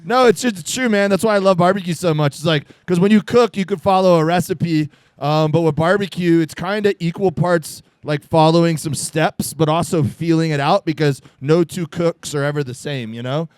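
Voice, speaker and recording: A man from Florida spins loose, rambling comic stories, packed with "like" and "uh" and breaking into laughs. His voice sits a touch higher than most men's. The sound is close and dry, with almost no room around it. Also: normal speed, few pauses, smooth, dry recording. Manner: rambling, laughing storyteller with many fillers. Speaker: guest comedian. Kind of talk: casual storytelling chat. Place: live podcast taping at a venue.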